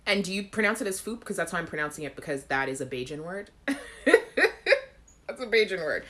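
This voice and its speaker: A young Caribbean-accented woman with a low voice hosts a live chat show, casual and animated at a moderate pace with frequent pauses. Reading viewer comments, she laughs a lot and acts out playful snippets of song.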